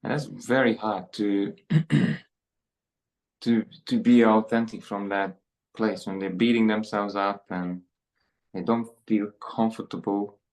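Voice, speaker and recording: A man speaking as a podcast guest, reflective and a little halting as he talks. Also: on the low side, steady tone, darkish tone, rough recording. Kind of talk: conversational interview.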